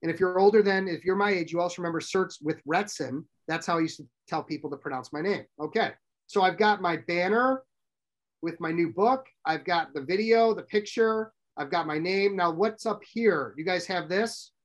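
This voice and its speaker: High-voiced man teaching a workshop. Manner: brisk, direct, asks the audience questions. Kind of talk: live workshop talk to an audience. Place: room with a live audience.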